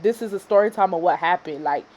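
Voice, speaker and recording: A woman in her twenties from Houston, Texas, telling a casual storytime vlog in a dramatic way that swings from loud reenactment to quiet asides. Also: lowish voice, fast. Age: 20s. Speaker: storytime vlogger.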